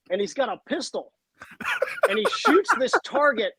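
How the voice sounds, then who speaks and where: A man, a podcast guest telling stories in a casual, animated way. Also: high voice, measured pace, pauses often, no room sound, poor audio. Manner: animated, acts out voices and sounds. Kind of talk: casual storytelling chat.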